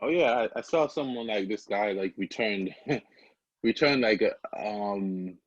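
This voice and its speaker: A young man from Antigua, guesting on a podcast, talks easily and laughs a lot between his words. His voice is lowish and dry, and the sound is a little dull and muffled. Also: a little slow, no room sound. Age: young adult. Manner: easygoing, laughs often, many fillers. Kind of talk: casual interview chat.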